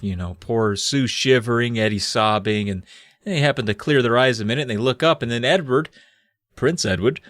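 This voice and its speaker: A man's voice: mid-range voice, fairly bright tone, no room sound. A man on a comedy podcast retells a spooky children's book, loose and profane, full of fillers. His voice rises and falls a great deal. The sound is dry and close. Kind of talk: casual comedic storytelling and reading.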